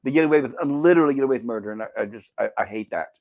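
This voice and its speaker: A man's voice: mid-range voice, racing, darkish tone, highs cut off. A man chatting casually on a game stream, rambling, with many restarts and asides, reading out viewer comments.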